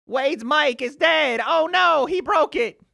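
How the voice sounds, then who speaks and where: A man putting on a squeaky, whiny voice to mock a panicking livestream viewer begging him to fix his mic. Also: takes it slowly, gravelly, bright, forceful tone, heavily acted. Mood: mocking panic. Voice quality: shrill, whining, pleading.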